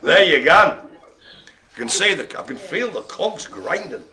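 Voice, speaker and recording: A man hosting a bingo session, joking and chatting between calls with quick asides. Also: high-pitched, animated, a crowd in the background. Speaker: bingo host. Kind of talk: lively bingo calling with banter.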